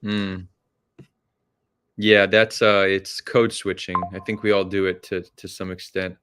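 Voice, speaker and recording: Deep-voiced man, hesitant podcast host. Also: little pitch movement, measured pace, fairly bright tone, a little hiss or hum. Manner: thoughtful, hesitant, many restarts. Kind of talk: casual conversation.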